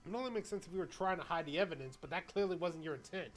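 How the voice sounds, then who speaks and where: A male streamer reading game dialogue aloud in a brisk, pressing way. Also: on the high side, faint music behind.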